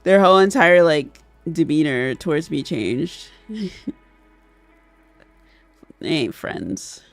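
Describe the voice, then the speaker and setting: A woman's voice: low-pitched, animated, takes it slowly, faint music behind. A woman streamer chatting casually with a stuffy, sniffly nose, laughing often and swearing freely. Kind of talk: casual livestream chat.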